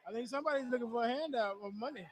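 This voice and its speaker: A man's voice: very high-pitched, rapid-fire. A man co-hosting a sports podcast in casual chat, joking and laughing through his remarks.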